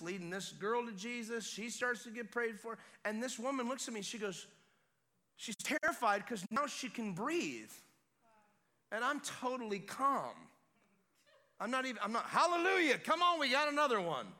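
A man preaching at a revival service, telling a story with swings between hushed quiet and loud excitement. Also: very high-pitched, normal speed. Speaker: guest preacher. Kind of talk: sermon testimony. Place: church service.

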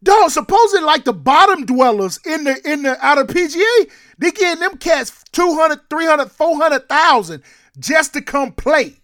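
A man co-hosting a sports radio show, talking in an animated, emphatic, slangy way. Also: very high-pitched, normal speed, no room sound, clean studio sound. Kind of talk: casual sports talk.

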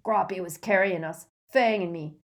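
A woman voicing a giant bearded gamekeeper who talks loudly in clipped, rough dialect. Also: fairly low pitch, moderate pace, lightly acted. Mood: urgent. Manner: loud, clipped dialect speech.

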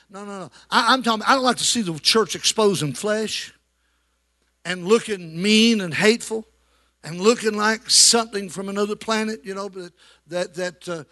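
This high, pushed and bright male voice belongs to a pastor delivering a sermon in church. Throughout, he invites the congregation to answer him with amens in a call-and-response style.

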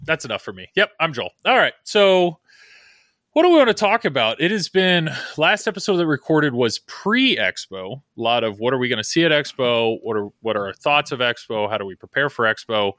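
A man's voice: mid-range voice, very animated, fairly quick, a bit bright, dry recording, clean studio sound. A man hosting a podcast in casual chat, rambling and joking at his own expense. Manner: rambling, joking, self-deprecating. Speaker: podcast host.

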